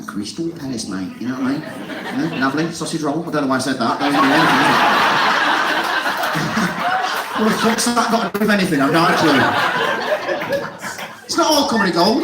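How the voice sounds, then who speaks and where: Man compering a comedy night, lively and bantering, recorded far off in an echoey, noisy room. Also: on the high side. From Otley, Yorkshire. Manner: bantering, laughing between jokes. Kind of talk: stand-up crowd work. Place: club venue with audience.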